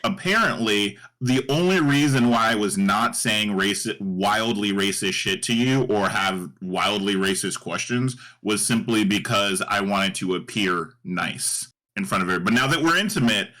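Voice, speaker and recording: A man's voice: fairly low pitch, bright, forceful tone. A man in a casual group discussion, earnest and reflective as he talks a point through. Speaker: panel guest.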